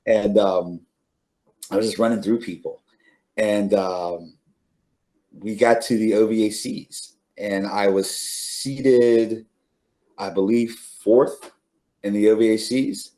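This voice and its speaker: A man's voice: on the low side, steady tone, slow, long pauses, mellow. A middle-aged man, an interview guest, telling stories casually with many fillers and restarts, laughing now and then. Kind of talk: casual storytelling.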